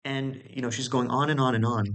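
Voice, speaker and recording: A man speaking straight to the viewer in a relaxed, explanatory way. His voice sits at an ordinary middle pitch. He often repeats words as he finds his phrasing and keeps checking that the listener follows. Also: a little fast. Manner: conversational, many restarts and "right?" checks. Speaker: video host. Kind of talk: casual explanatory talk.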